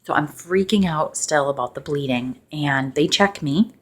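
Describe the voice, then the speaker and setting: A young woman casually telling a personal story in a loosely ASMR style, chatty and laughing, bursting into high excited voices when she quotes people. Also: normal speed. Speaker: ASMR channel host.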